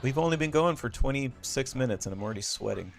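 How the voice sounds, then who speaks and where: Trash-talking man yelling at a fighting game. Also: medium pitch, lively intonation, fast, vocal fry, faint music behind. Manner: profane trash talk, frequent yelps and laughter. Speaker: streamer playing a fighting game. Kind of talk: live gameplay commentary. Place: small hot office corner.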